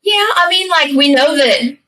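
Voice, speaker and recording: A woman's voice: high-pitched, animated, normal speed, pushed and bright, distant mic. A woman guest who performs comedy with her sister, chatting casually with some hesitant fillers. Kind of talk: casual chat.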